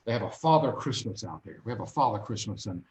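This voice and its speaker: A man telling lively anecdotes as a guest in a casual interview, acting out little voices along the way. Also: fairly low pitch, fast. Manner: animated, acts out voices in anecdotes. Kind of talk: casual storytelling. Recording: roomy echo.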